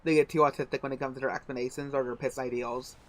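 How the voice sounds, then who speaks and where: A man streamer chatting casually and reading a game's story aloud, rambling in loud, self-correcting asides. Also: medium pitch, level tone, fast talker. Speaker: gaming streamer. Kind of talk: casual commentary while reading a game story.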